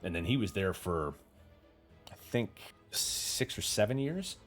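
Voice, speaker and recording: A man's voice: fairly low pitch, animated, measured pace, soft background music. A man hosting a casual livestream chat, telling rambling stories with casual swearing and answering viewer comments. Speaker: podcast host.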